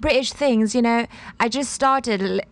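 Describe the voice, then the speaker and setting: A woman co-hosting a casual podcast, bubbly and full of quick asides. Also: fairly high pitch, no echo. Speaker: podcast co-host. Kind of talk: casual chat.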